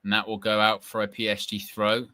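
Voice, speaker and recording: A young man doing casual live football watch-along commentary, reacting excitedly and shouting at big moments. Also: lowish voice, fairly quick, no echo.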